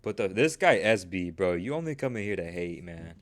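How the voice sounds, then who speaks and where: A young man in his twenties chats casually on his own livestream, with a smooth, clear voice sitting a little low. He talks earnestly and keeps tagging his sentences with quick checks for agreement. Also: sing-song. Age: 20s. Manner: casual, peppered with "right?" and "bro"; earnest, motivational. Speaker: trading livestream host.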